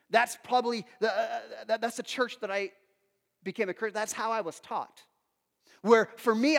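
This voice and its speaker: Man, pastor, sermon, animated storytelling, reverberant church hall. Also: high voice. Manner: animated storytelling with acted quotes.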